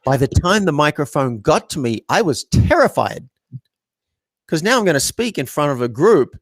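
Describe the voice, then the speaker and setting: A man's voice: on the high side, big pitch swings, moderate pace, dry recording. A man being interviewed as a coach, talking reflectively and acting out little quoted exchanges as he tells stories. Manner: reflective, storytelling with acted-out quotes. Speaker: guest, coach. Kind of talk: conversational interview.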